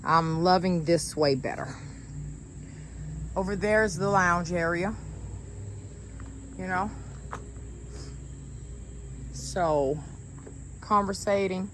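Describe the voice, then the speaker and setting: With a lowish voice, a lifestyle vlogger speaks directly to her audience in a relaxed, chatty sponsored video while putting together patio furniture outside, a bit breathless. There's slight background noise and music, and at times she's far from the microphone.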